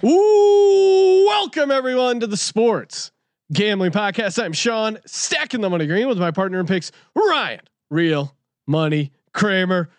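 A man with a fairly high voice co-hosts a sports betting podcast with brash, hyped energy. He jokes loudly and rattles through sponsor reads. The sound is dry and close. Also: expressive, unhurried, no echo. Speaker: podcast co-host.

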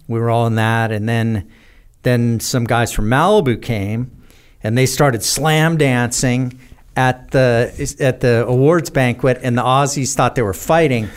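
An American man telling rambling, animated stories as a podcast guest, with many fillers. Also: medium pitch, clear, resonant tone. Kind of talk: casual storytelling in a podcast interview.

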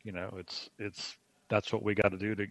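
A man speaking as a podcast guest, explaining coaching ideas in a measured way. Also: on the low side, level tone, fairly bright tone, dry recording. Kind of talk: podcast conversation.

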